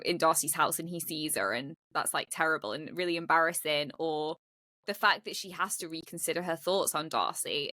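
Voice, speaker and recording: Bright, chatty woman co-host. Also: lowish voice, no echo, clean studio sound. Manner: chatty, frequent "like" fillers, laughs often. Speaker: podcast co-host. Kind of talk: casual chat.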